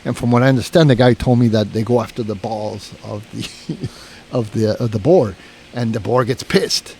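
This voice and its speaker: A man's voice: mid-range voice, moderate pace, creaky, a little mellow, a little hiss or hum. A man telling a long story in a casual podcast chat, rambling, swearing and restarting his sentences. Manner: rambling, profane, full of "you know" and restarts.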